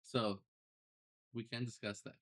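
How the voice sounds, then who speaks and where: A young man, a podcast guest, telling his personal story in a casual, animated way with loose slang. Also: on the low side, unhurried. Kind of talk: storytelling interview.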